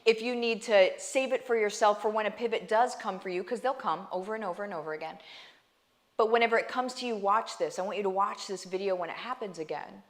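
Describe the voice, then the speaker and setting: Talking quickly in a mid-range voice, this woman delivers an emphatic faith talk to camera. She's a vlogger and online business coach who keeps addressing her audience as "guys" and tossing in "right?" as she earnestly shares her heart.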